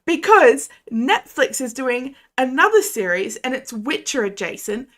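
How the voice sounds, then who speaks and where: A young adult woman, chatting casually with her viewers during a game stream and launching into animated rants. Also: high voice, measured pace.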